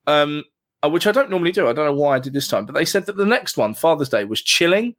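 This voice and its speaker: A man in casual chat, swearing freely and laughing through animated stories. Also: fairly high pitch, fast.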